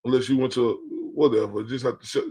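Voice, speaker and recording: A man's voice: medium pitch, steady tone, fairly quick, mellow, slightly rough. A man from Texas, livestreaming a profane, confrontational reaction rant. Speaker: streamer reacting to clips.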